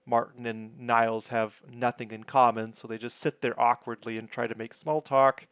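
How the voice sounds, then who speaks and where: Gravelly man rambling through a recap. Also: medium pitch, steady tone, normal speed, a bit bright, no room sound. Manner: rambling, chatty, self-deprecating. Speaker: episode recapper. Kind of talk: casual sitcom episode recap.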